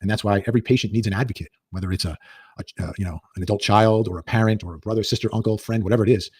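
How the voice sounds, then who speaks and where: A man's voice: fairly low pitch, racing, darkish tone, husky, dry recording. A man giving earnest, emphatic commentary, repeating key points for stress. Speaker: legal commentator. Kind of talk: clip of commentary played in a stream.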